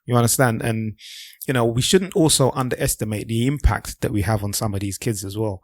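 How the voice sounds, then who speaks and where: A man's voice: mid-range voice, brisk, dry recording, studio quality. A man speaking earnestly in a casual podcast chat, often checking that others follow. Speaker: podcast co-host.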